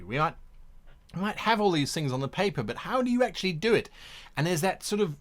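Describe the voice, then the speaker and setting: A man hosting an instructional talk in an animated way, acting out examples as he goes. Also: a little high, fairly quick. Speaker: host.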